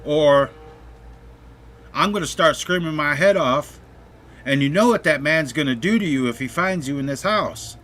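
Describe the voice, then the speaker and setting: A man voicing a scheming little boy who bargains with threats, raised high over his own voice. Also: lively intonation, normal speed, fairly bright tone. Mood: cheeky. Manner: pleading, then bargaining with threats.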